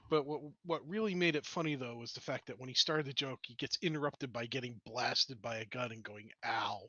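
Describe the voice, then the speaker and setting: A man's voice: medium pitch, moderate pace, sharp tone, dry recording, dull audio. A man on a casual podcast retelling a movie joke, laughing easily as he goes. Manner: laughs while telling jokes, easygoing.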